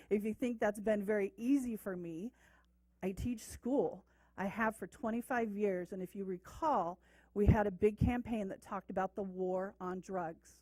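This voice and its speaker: A woman's voice: mid-range voice, darkish tone, no room sound, rough recording. A middle-aged woman, a city council member, speaking from the dais at a council meeting in an insistent, emphatic way. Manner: emphatic, insistent, repeats points for force. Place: council chamber, seated at the dais.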